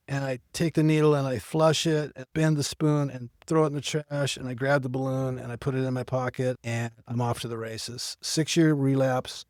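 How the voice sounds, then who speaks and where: A man's voice: medium pitch, dry recording, studio quality. A middle-aged man, a podcast guest, telling his personal story in casual talk, acting out the people he quotes. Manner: earnest storytelling with quoted dialogue.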